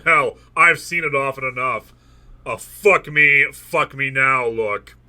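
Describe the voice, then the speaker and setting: Bright-voiced man reading with jokey asides. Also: mid-range voice, takes it slowly. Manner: animated, mock-dramatic reading broken by jokey asides. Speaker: host reading a novel aloud. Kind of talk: comedic book reading with commentary.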